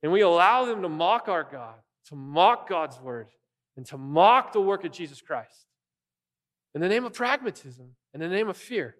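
A man preaching an earnest, animated sermon as pastor, often restarting his phrases. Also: sits high, moderate pace, in a large hall.

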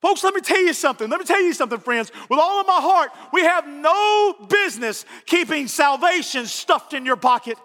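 A man's voice: very high voice, expressive, fairly quick, few pauses, bright, forceful tone. A man preaching a sermon fervently, often repeating himself and raising his voice. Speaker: pastor. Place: church sanctuary. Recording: reverberant church hall.

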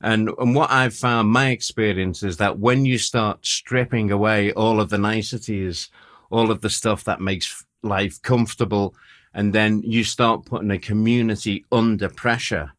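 A man's voice: on the low side, fairly even intonation, moderate pace, fairly bright tone. A man, a war photographer telling stories in a casual chat, self-mocking and laughing often.

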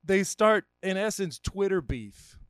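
High, smooth-voiced man chatting, laughing. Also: animated, unhurried, no room sound, clean studio sound. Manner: rambling, laughs often between phrases. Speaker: podcast host. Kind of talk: casual comedy podcast chat.

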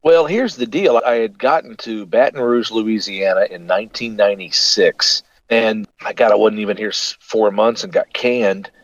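A man's voice: on the low side, normal speed, hardly any pauses, no room sound, highs cut off. A middle-aged man, a radio host and voice actor, telling stories in a casual interview and acting out the voices of the people in them. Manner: animated, acts out voices in his anecdotes.

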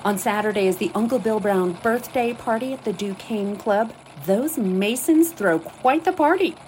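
A woman's voice: mid-range voice, moderate pace, a little mellow, slight background noise, close to an everyday voice, poor audio. A woman playing a chirpy, playful society columnist. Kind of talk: audio drama acting.

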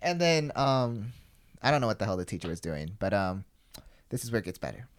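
A man's voice: lowish voice, very animated, a little fast. A young man hosting a podcast, telling a story in casual chat, rambling, swearing freely and filling with "like". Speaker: podcast host.

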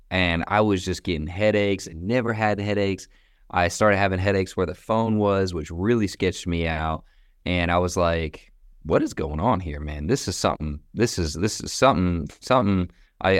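A young man with a very deep, low voice tells stories in a relaxed, chatty way. He sprinkles in casual slang and laughs easily between points. The sound is dry and close, with no room around it. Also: no echo. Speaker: guest, company founder. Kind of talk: casual storytelling interview.

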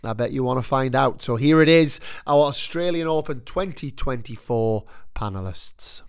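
A man's voice: mid-range voice, moderate pace, creaky, hardly any pauses, smooth. A man hosting a tennis podcast, upbeat and chatty and tired after a long flight. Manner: upbeat, talks in long run-on lists. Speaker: podcast host. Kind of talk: casual chat.

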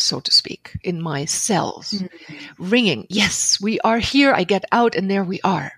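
A middle-aged woman, a guest on a podcast, telling a personal story in an animated way, laughing often and acting out her own inner dialogue. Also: medium pitch, breathy edge, dry recording. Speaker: podcast guest, author and seminar leader.

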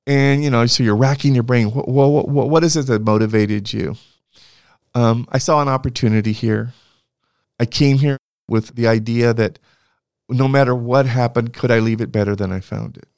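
Middle-aged guy from california, smooth clear voice, dry close sound, lots of restarts and fillers as he reminisces. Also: medium pitch, darkish tone, no echo. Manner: halting, with frequent restarts and fillers. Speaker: university leader being interviewed. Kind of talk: reflective storytelling.

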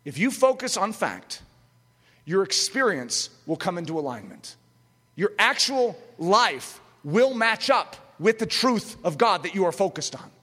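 A man preaching an impassioned sermon, emphatic, with rhetorical questions and sudden loud outbursts, in a large hall. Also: high voice, big pitch swings, unhurried. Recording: echoey hall with long reverb.

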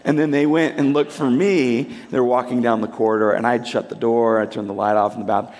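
A man in his thirties preaching a sermon in a conversational, animated storytelling way. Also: mid-range voice, brisk. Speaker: pastor. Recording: long hall reverb.

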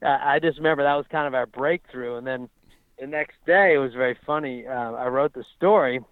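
A man telling racing stories in a casual interview, animated and halting, often restarting his sentences. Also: mid-range voice, clean tone, dry recording. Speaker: racing writer and guest. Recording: dull lo-fi dry recording.

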